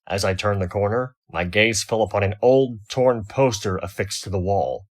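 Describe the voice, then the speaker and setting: A man reading a first-person fan fiction story aloud, wry and expressive. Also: on the low side, moderate pace. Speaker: audiobook reader.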